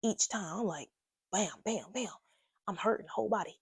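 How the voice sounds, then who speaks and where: Gravelly young woman telling a story. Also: mid-range voice, normal speed, no room sound, clean studio sound. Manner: animated, slangy, talks straight to viewers. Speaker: vlogger. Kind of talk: casual storytime. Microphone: own microphone.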